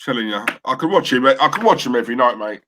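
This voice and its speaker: A man's voice: medium pitch, lively intonation, fast talker, crowd noise. A man with an East London accent co-hosting a football fan live stream in casual chat, enthusiastic and repeating phrases for emphasis.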